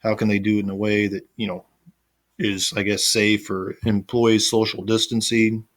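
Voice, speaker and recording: A man's voice: fairly low pitch, level tone, normal speed. A man teaching an online class, talking casually over a screen recording with plenty of fillers and restarts. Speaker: instructor.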